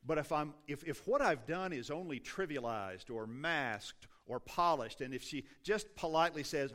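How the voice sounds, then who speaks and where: A man's voice: fairly high pitch, very animated, normal speed, a bit bright. Man preaching a conversational sermon. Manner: self-deprecating, conversational preaching with restarts. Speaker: pastor.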